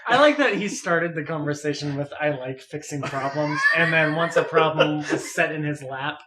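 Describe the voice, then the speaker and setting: A young man chimes in with dry, amused remarks in a casual podcast chat. His voice is a bit high for a man. He sounds echoey, with a crowd audible behind him. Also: normal speed. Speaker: podcast co-host.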